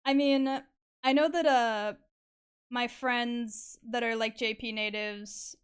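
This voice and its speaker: A woman's voice: on the high side, fairly even intonation, slow, clean tone. A young woman chatting casually while drawing on stream, full of fillers, swearing and frequent laughter. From Canada.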